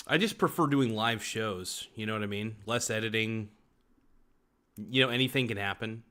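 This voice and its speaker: A man's voice: fairly low pitch, a little slow, pauses often, bright, forceful tone. A man hosting a live stream, chatting casually and reading viewer comments, joking off the cuff and laughing often. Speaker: livestream host.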